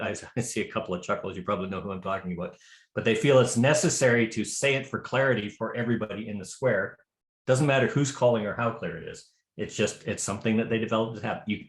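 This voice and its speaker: A man teaching square dance calling to a class in a chatty, joking way with many restarts. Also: lowish voice. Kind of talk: presentation to a class of callers. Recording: roomy echo.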